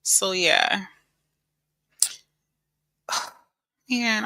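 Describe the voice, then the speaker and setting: A woman's voice: lowish voice, sing-song, slow, long pauses, sharp tone, no echo. A middle-aged woman chatting casually on a live stream, greeting viewers and laughing often.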